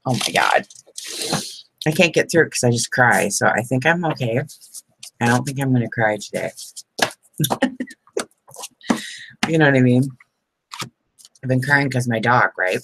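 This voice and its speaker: A woman's voice: extremely low pitch, fairly bright tone, slight background noise, low-quality recording. A middle-aged woman chatting casually on a crafting live stream, rambling and laughing often. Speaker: crafting vlogger.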